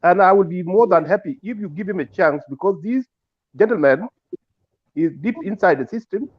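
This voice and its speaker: A man's voice: sits high, moderate pace, dull audio. A man calling in with formal remarks, hesitant and full of fillers. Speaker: caller.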